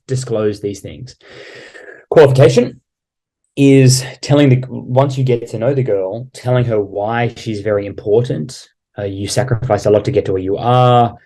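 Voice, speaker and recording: A man's voice: on the low side, warm tone. A man working as a dating coach, explaining social techniques in a blunt, casually profane way. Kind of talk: instructional explanation.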